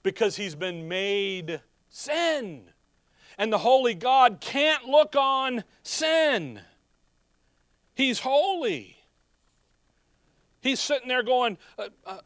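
High, smooth-voiced impassioned preacher man. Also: big pitch swings, slow, pauses often, no echo. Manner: impassioned, swinging from quiet asides to loud urgent cries; often breaks off mid-phrase to look up chapter and verse. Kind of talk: sermon.

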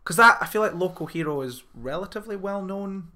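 A man co-hosting a podcast, rambling excitedly in casual chat and swearing now and then. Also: high voice, fairly quick. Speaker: podcast co-host.

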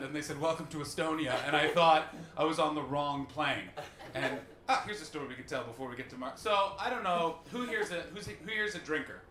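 A Canadian man doing loud, swearing stand-up crowd work as the host of a live podcast show. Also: on the high side, slight background noise. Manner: loud, swearing, riffing with the audience. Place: small live comedy venue. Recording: roomy live room, distant mic, audience. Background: audience laughter.

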